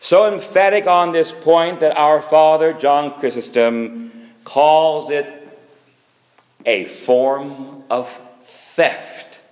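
A man preaching a sermon, slow and emphatic, with sudden rises and drops in pitch and loudness. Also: fairly even intonation. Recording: echoey hall.

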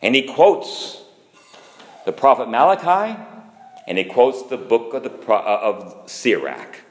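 Slow emphatic preacher in an echoey hall. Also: male voice, sing-song. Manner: slow, emphatic preaching with dramatic swings in pitch and loudness. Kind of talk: sermon.

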